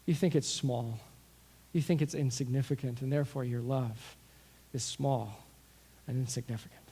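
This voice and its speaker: A middle-aged man preaching a sermon as pastor, telling stories with lively asides and acting out what people said. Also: medium pitch, moderate pace, slightly rough. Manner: storytelling, animated with asides and acted-out quotes. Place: church sanctuary. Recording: long reverb of a large hall.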